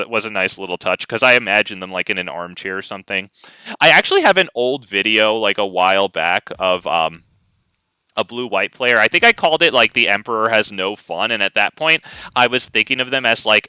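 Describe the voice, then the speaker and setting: A man's voice: fairly low pitch, pushed and bright, clear, resonant tone, no room sound. A man streaming a card game, ranting casually and talking to his chat. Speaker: gaming streamer. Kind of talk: casual live gameplay commentary.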